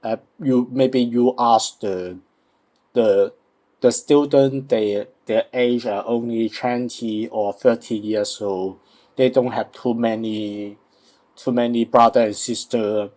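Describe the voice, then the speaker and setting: A man with a Hong Kong accent, an English learner who speaks in halting, repeated phrases in a casual lesson. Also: medium pitch, steady tone, a little mellow. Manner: halting, repeats words, hums along.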